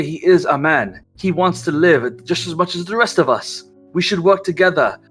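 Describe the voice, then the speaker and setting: A courteous, pleading gentleman with a French accent, put on by a man running a tabletop game. The voice is bright and a little higher than the man's own. Soft music plays underneath.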